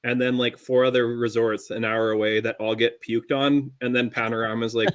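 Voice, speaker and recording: A man's voice: medium pitch, level tone, moderate pace. A man from western Canada, a podcast guest, chatting easily and restarting phrases as he thinks. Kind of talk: casual chat.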